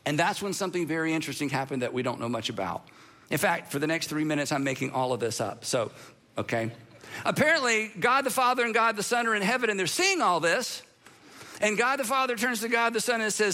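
A man preaching a sermon, telling the story in an animated way with playful humor. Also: high-pitched, a little fast. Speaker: pastor.

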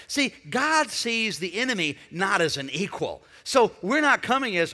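A man preaching a sermon, emphatic and building to shouts, calling on the congregation to respond. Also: sits high, sing-song, measured pace, hardly any pauses, long reverb tail. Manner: calls on the congregation. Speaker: pastor.

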